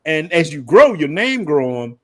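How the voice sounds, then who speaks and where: A man's voice: fairly high pitch, measured pace, dry recording. A man hosting a casual livestream chat, telling stories and laughing often. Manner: animated storytelling, laughs often. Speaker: host.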